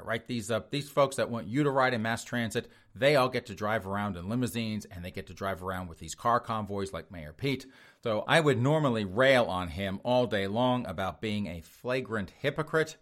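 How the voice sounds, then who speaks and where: Male show host, political commentary, sarcastic, mocking, lowish voice, bright forceful tone. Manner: mocking, sarcastic, addresses audience as folks.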